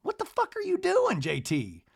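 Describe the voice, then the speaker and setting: A man voicing a sharp, blunt young woman who bursts out in shrill, incredulous complaints. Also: huge pitch swings, normal speed, creaky, exaggerated voice. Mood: exasperated.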